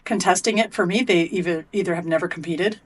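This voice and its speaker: A woman's voice: on the low side, fast, slightly rough. A middle-aged woman, an athlete and coach, telling a story bluntly and with lots of swearing as a podcast guest. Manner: blunt and profane, animated retelling. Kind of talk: candid storytelling in a podcast interview.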